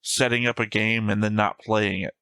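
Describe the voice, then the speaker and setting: A man's voice: lowish voice, fairly even intonation, moderate pace, bright, forceful tone, clean tone, no echo. A man co-hosting an anime reaction show, chatting casually and reading his notes in a dry, contrarian way.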